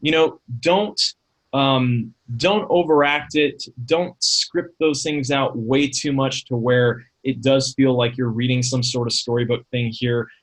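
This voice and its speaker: A man presenting a webinar in a relaxed, conversational coaching way, often using fillers like "um" and "you know.". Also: medium pitch, a little slow, rough recording. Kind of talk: casual webinar talk.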